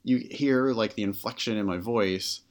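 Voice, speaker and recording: On a podcast, a man who tutors test prep co-hosts a casual conversation, speaking candidly and animatedly with lots of filler words. His pitch is fairly low and his pace is normal.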